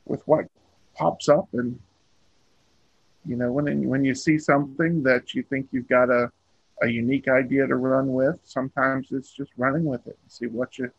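A man's voice: mid-range voice, steady tone, normal speed, creaky, breathy edge, no echo, lo-fi sound. A man, a comic book artist being interviewed, talking casually and rambling with many ums and restarts.

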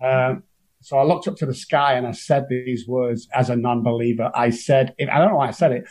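Husky man telling his story. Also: mid-range voice, fairly even intonation, a little fast, a little mellow. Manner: earnest, emotional, acts out quoted voices. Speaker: interview guest. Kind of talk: personal storytelling.

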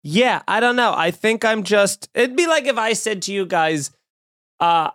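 A man's voice: high voice, lively intonation, a little slow, a bit bright, no echo, clean studio sound. A man in his thirties hosting a comedy podcast, ranting with sarcastic, mocking energy. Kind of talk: comedic rant.

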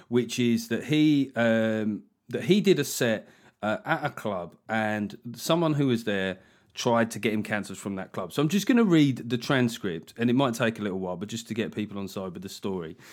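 Sweary, teasing British podcast host. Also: male voice, fairly low pitch, expressive, moderate pace. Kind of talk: casual podcast chat.

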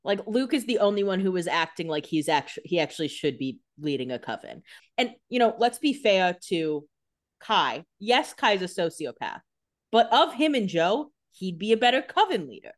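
A woman's voice: mid-range voice, big pitch swings, normal speed. A woman co-hosting a casual TV recap podcast, blunt and opinionated with casual swearing. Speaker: podcast co-host.

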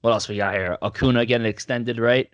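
A man co-hosting a casual sports podcast, speaking in a dry, measured, sarcastic way. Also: medium pitch, steady tone, no echo, muffled recording. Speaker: podcast co-host.

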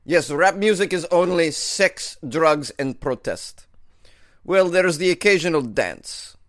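A man putting on a Russian accent to play a stern, gravely disapproving older male Russian leader, speaking slowly in a weighty, mock-solemn way. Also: a little high, lively intonation, a bit bright, no room sound, studio quality, voice pushed up, exaggerated voice. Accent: put-on Russian.

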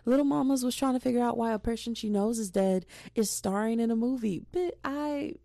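Gravelly-voiced young woman chatting animatedly. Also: medium pitch, normal speed, no room sound, studio quality. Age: young adult. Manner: gossipy, animated, slangy storytelling. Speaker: podcast host. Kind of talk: casual solo podcast chat.

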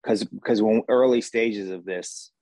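A man's voice: lowish voice, measured pace, dark tone, no room sound. A man with a New Jersey accent, a guest chatting casually in a wry, rambling way. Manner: rambling, wry, full of fillers. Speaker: guest, actor and crew member. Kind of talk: casual interview chat.

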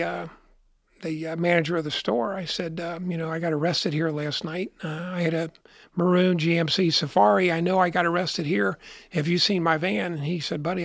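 A man's voice: on the high side, vocal fry, fairly bright tone, no echo, clean studio sound. A middle-aged man telling a long story in a rambling way, repeating and restarting his words as an interview guest.

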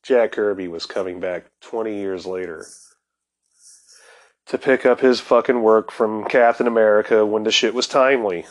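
Profane, excitable man telling comics history. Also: lowish voice, normal speed. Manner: profane, excitable storyteller who laughs often. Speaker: podcast host. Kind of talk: casual comics commentary.

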